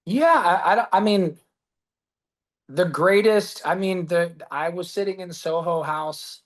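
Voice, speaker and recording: A man being interviewed as a guest, telling stories in a lively, casual way, acting out quotes and swearing freely. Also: sits high, unhurried. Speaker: guest, business founder. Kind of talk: storytelling in a podcast interview.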